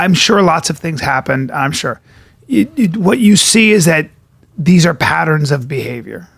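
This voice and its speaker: Middle aged guy on a podcast, high voice with lots of gravel, opinionated and emphatic. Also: fairly bright tone, no echo, clean studio sound. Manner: emphatic, opinionated, stammers into rants. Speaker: podcast co-host. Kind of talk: casual chat.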